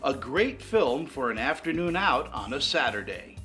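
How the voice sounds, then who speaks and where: Film critic guy doing his review, lively up-and-down voice, faint music under it. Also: mid-range voice, moderate pace.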